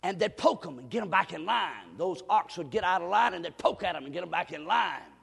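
A male pastor preaching a revival sermon, swinging between quiet asides and shouted exhortation in a church sanctuary. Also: high-pitched, very animated, a little fast, gravelly, slightly rough. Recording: long reverb of a church hall.

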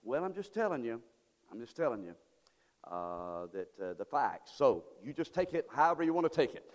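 A man preaching a sermon as pastor, moving from quiet, halting asides to loud, drawn-out exhortation. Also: medium pitch, very animated, in a large hall. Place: church sanctuary.

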